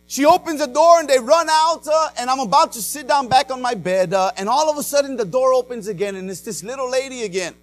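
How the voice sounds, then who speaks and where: A male pastor preaching a dramatic personal testimony, swinging between loud and hushed, with many "uh" and "amen" fillers. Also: very high voice, fairly quick, hardly any pauses, no room sound. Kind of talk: sermon.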